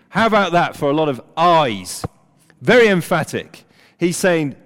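An older man preaching a sermon, emphatic, at times dropping almost to a hush. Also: a little high, a little slow. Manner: animated, emphatic preaching with dramatic drops to near-whisper. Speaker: pastor. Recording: long hall reverb.

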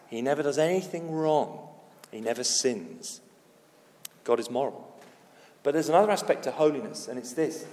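A man preaching a sermon, emphatic, with big swings between loud declarations and hushed lines. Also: medium pitch, big-room sound. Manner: emphatic, dramatic swings in loudness and pace.

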